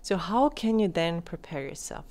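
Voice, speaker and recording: A woman with a slightly low voice talks straight to her listener as a podcast coach. She moves between fast, animated stretches and slowed, softly spoken calm passages. She often asks the listener questions. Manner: expressive, shifts between fast excited talk and slow soft calm; addresses listener directly with questions. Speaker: podcast host and wellness coach. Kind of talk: instructional podcast talk.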